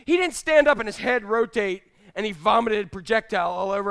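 A man's voice: very high-pitched, expressive, brisk, hardly any pauses, fairly bright tone, smooth. A male pastor preaching a conversational sermon, speaking directly to his congregation. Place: church.

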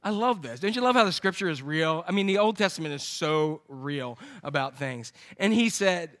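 Pastor guy preaching, cracks jokes with the crowd, bright high voice. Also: fairly quick, hardly any pauses. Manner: lively storytelling with jokes to the congregation. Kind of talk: sermon.

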